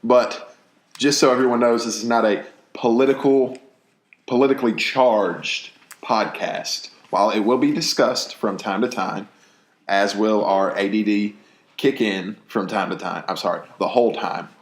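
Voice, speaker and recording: A man's voice: fairly low pitch, fairly even intonation, moderate pace. A young man co-hosting a podcast in casual, rambling chat, riffing playfully on jokes. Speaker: podcast co-host. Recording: echoey room.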